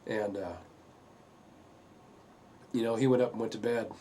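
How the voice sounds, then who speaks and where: A man's voice: fairly low pitch, fairly even intonation, warm tone, a little hiss or hum. Earnest man recounting his story. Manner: earnest, halting, with many fillers. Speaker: father telling his family story. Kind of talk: personal testimony.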